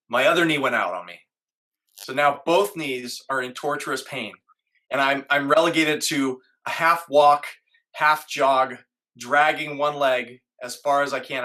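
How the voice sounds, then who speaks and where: A middle-aged man recounts a hard personal story as an interview guest. His voice is bright and a little tense, and he speaks earnestly, acting out the thoughts he had at the time. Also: medium pitch. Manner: earnest, acts out his own inner voice.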